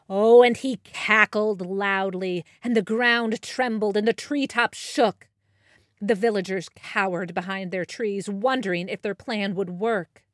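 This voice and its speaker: A woman narrating a children's story in a slow, expressive manner. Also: fairly high pitch, dry recording, studio quality. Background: soft soundtrack music.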